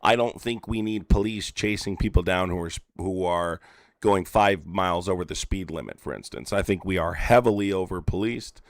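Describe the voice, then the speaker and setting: A man's voice: sits low, moderate pace, no echo, studio quality. A man hosting a call-in political debate, pressing and insistent as he argues. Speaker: political streamer and activist.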